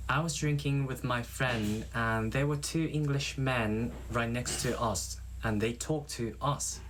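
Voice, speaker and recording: A man's voice: mid-range voice, fairly bright tone. Man telling a story in careful English, faint noise. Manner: careful non-native storytelling. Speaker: language learner in a practice clip. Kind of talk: storytelling pronunciation practice.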